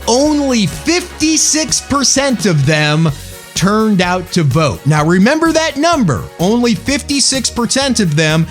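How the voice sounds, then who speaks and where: A man's voice: high voice, sing-song, unhurried, soft background music. A man hosting a religious podcast, talking in an emphatic, folksy storytelling way. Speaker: podcast host.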